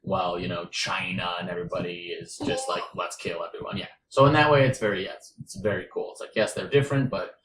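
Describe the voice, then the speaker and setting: A man's voice: low-pitched, fairly even intonation, quick pace, few pauses, fairly bright tone, a little hiss or hum. A man in casual chat about a movie, rambling with many fillers and restarts, and swearing now and then. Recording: roomy echo.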